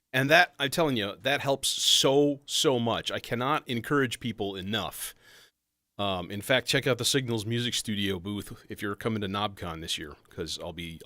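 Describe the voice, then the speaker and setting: A man hosts a casual modular-synth livestream in a lowish voice that sounds pushed and bright, with no echo. He rambles and cuts himself off, and faint synth music plays underneath.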